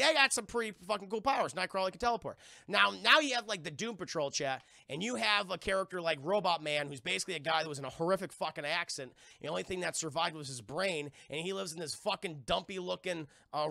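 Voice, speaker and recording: A man's voice: high voice, gravelly, bright, forceful tone, no echo, clean studio sound. A young man reviewing a TV episode on a live stream, rambling and swearing a lot and constantly talking to his chat. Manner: profane, rambling, keeps addressing chat.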